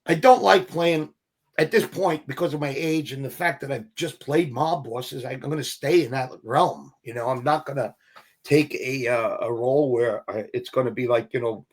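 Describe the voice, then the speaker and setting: A man's voice: medium pitch, moderate pace. A middle-aged man, an actor, telling stories casually in an interview and acting out the voices of people he quotes. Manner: animated, acts out quoted voices, swears casually. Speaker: actor guest.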